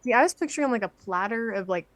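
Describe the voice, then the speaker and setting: A woman co-hosting a podcast, chatting casually in a thoughtful, measured way. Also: fairly high pitch, expressive. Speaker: podcast co-host. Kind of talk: casual chat.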